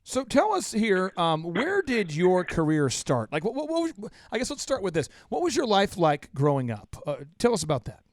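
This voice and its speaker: Casual: loud hype-man host guy, really high voice that swings all over. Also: wildly swooping pitch, moderate pace, few pauses, no echo. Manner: boisterous, emphatic announcer delivery. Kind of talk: energetic show hosting.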